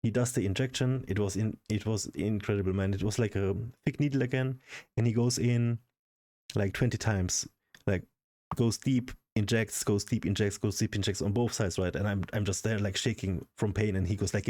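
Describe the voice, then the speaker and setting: A man's voice: lowish voice, fairly even intonation, moderate pace, a little mellow. A man vlogging in a casual, frustrated rant full of swearing. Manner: frustrated, profane ranting. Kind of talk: casual ranting vlog.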